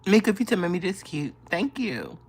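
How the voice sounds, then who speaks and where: A woman's voice: fairly low pitch, very animated, normal speed, breathy edge. A woman in her thirties hosting a casual live stream from her bedroom, teasing her viewers playfully and laughing often as she reads their comments. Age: 30s. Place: bedroom, in bed.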